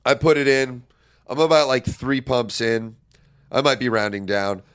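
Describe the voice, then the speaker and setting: A man's voice: mid-range voice, normal speed, a bit bright, smooth. A young man, a podcast co-host, telling a crude comedic story with lots of swearing and laughing at his own punchlines.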